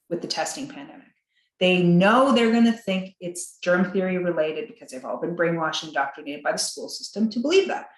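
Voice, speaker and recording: Low-ish woman's voice, lively podcast guest who laughs a lot between points, sounds like a roomy space. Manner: animated, acts out quotes in a higher voice. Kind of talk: podcast interview.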